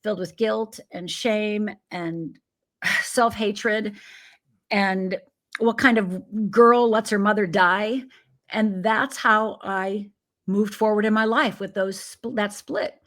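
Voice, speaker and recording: Her voice is medium-pitched, fairly bright, and slow as this Upper Michigan life coach shares her personal story in an interview. A vivid storyteller, she acts out the voices of the people she quotes.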